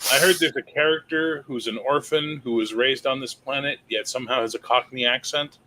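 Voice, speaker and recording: A man's voice: mid-range voice, steady tone, brisk, sharp tone, a little hiss or hum. A man as a podcast guest in casual chat, sarcastic and jokey. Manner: sarcastic, jokey, mock voices.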